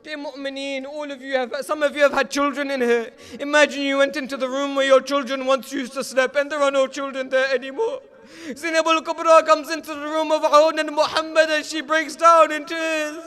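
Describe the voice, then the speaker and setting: A man preaching a mourning sermon, narrating with passion and rising to shouts at its peaks. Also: extremely high pitch, flat delivery, brisk.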